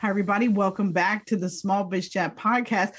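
A woman hosting a business podcast in casual interview chat, upbeat and quick to laugh. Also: mid-range voice, steady tone, soft background music. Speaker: podcast host.

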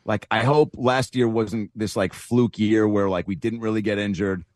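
A man's voice: on the low side, fairly even intonation, darkish tone, no room sound, studio quality. A man on a radio talk show, a comedian chatting casually in a rambling way, with lots of fillers. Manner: rambling, laughs often, does quick voices. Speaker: comedian guest.

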